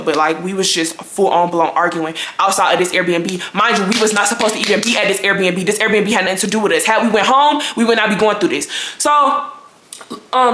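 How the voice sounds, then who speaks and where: A woman in her twenties telling a storytime to her viewers in a lively, fussing way. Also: medium pitch. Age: 20s. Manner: animated, fussing, talks straight to viewers. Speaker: vlogger. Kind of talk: casual storytime. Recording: echoey room.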